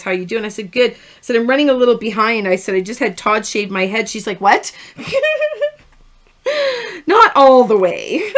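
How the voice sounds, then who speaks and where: A middle-aged woman talks her viewers through a card-making project on a live stream. She chats and rambles while she works, breaking off into anecdotes and laughing at her own stories. Her voice sits at an ordinary middle pitch. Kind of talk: live-stream crafting tutorial.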